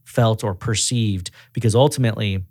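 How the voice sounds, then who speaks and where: A man's voice: fairly low pitch, moderate pace, no room sound, clean studio sound. A man who is a regional director of auto repair shops, speaking in a casual podcast interview and acting out the dialogue in his stories. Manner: animated storyteller acting out quoted dialogue.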